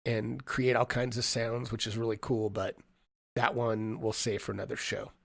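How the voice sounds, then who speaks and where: A man demoing audio software on a live stream, thinking aloud, from a home streaming setup on a condenser mic. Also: mid-range voice, flat delivery, moderate pace, creaky, no echo, studio quality. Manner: thinking aloud, many fillers and restarts. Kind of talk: casual live-stream tutorial. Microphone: USB condenser mic.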